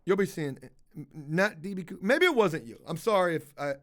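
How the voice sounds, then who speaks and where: Casual male streamer, high voice, profane rambling chat-reading commentary. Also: animated, normal speed, a bit bright. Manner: rambling, swears a lot, slips into put-on voices.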